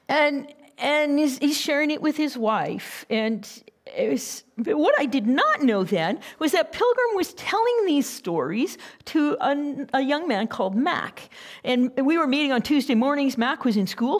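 A woman missionary telling a story to her church in a lively, conversational way. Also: high-pitched.

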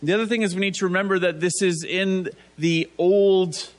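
A man's voice: sits high, steady tone, normal speed. A man preaching a conversational sermon, asking rhetorical tag questions and acting out biblical figures in casual voices.

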